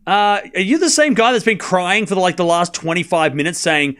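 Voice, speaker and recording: Man, high-pitched voice, live tennis stream commentary, casual, chatty with viewers, late night. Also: a bit bright. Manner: chatty, banters with viewers, quick score calls. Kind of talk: casual play-by-play commentary and chat replies.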